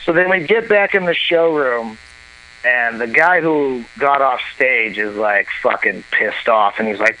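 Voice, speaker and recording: A man telling a long comic story on a talk show, animated and profane, acting out what others said. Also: a little high, a little slow, poor audio. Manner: animated, profane, acts out quoted voices. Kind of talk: casual storytelling.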